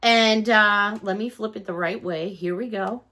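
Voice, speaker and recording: Woman, gushing, chatty, bright, casual unboxing talk. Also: mid-range voice, fairly even intonation, unhurried. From Chicago, USA. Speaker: haul vlogger.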